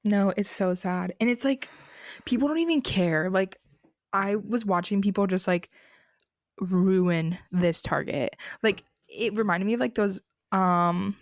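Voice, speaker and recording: A woman's voice: mid-range voice, a little slow, no echo, studio quality. A young woman co-hosting a podcast, telling chatty stories with giggles, swearing and acted-out quotes. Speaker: podcast co-host. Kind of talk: casual chat.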